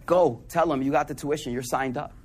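A man telling a personal story in a conversational sermon, animated and casual, with sudden drops into soft, quiet asides. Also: a little high, a little fast, breathy edge. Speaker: preacher.

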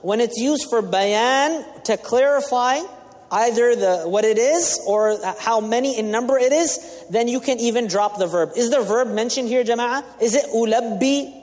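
A man's voice: very high-pitched, darkish tone. A man giving a sermon as an imam, explaining Arabic terms with English glosses and asking the audience questions. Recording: long reverb of a large hall.

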